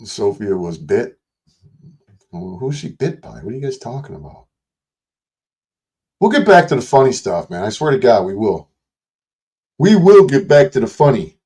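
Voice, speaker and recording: A man's voice: mid-range voice, very animated, moderate pace, long pauses, dark tone. An older man hosting a livestream, rambling casually and profanely while reading and answering chat messages. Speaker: livestream host.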